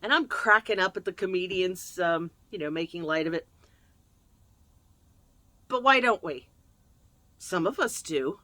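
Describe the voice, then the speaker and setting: Woman, casual monologue, lively pitch, dry close sound. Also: measured pace, pauses often, no room sound. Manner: animated, jokey, laughs often. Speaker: self-help video host.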